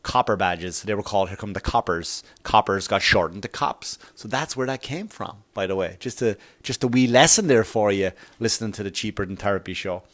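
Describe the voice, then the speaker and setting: A man's voice: lowish voice, fairly quick, hardly any pauses, a bit bright. A man hosting a solo comedy podcast, rambling and swearing, and getting heated as he goes. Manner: rambling, profane, gets heated. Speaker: podcast host.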